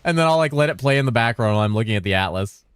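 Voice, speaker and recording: A man streaming games, chatting loosely with his viewers in a deep, bassy voice. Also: lively intonation, very fast, clear, resonant tone, no room sound. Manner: rambling and loose, with bursts of laughter. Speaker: game streamer. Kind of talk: casual livestream chat answering viewers. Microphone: streaming mic through a mixer.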